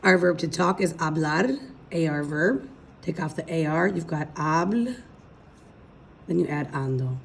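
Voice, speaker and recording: A woman's voice: low voice, moderate pace, vocal fry, a little hiss or hum. A woman teaching a recorded language lesson, explaining patiently step by step and checking in with her students. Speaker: Spanish teacher.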